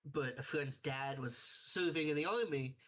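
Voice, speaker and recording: A man's voice: on the high side, measured pace, a bit bright. A man chatting casually as a co-streamer, blunt, swearing and mocking. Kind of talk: casual chat.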